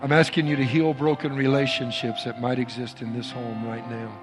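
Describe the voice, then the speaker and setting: A man in the middle of a sermon, preaching with emphatic, repeated lines and then moving into prayer, at an average pitch. Instrumental music plays clearly behind his voice in the church. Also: level tone, brisk. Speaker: pastor. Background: soft instrumental music.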